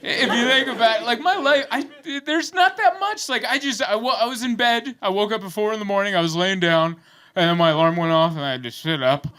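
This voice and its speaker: A man's voice: high-pitched, fairly quick. A man performing a stand-up comedy set on a club stage, telling stories and acting out voices on a handheld mic. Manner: animated storytelling, acts out voices. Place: comedy club stage before a laughing crowd. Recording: loud crowd laughter and room noise.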